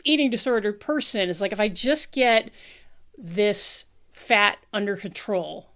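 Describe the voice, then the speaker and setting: A woman's voice: medium pitch, unhurried, a bit bright. An American woman co-hosting a podcast, chatting casually in a frank, blunt way and swearing freely. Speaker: podcast co-host. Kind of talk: casual chat.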